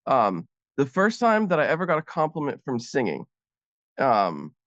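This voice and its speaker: A man's voice: medium pitch, huge pitch swings, normal speed, a bit bright, dry recording, muffled recording. A man, a guest comedian, telling a rambling story in casual chat with many fillers.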